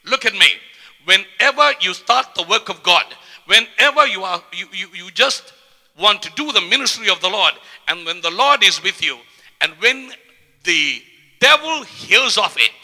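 A man preaching a sermon with passion, often repeating words and swinging from quiet to loud. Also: high-pitched, lively intonation, moderate pace. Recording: long hall reverb.

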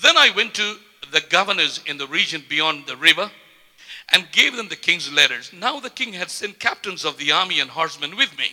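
A man preaching a sermon with passion, often repeating words and swinging from quiet to loud. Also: fairly high pitch, sing-song, fairly quick. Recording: long hall reverb.

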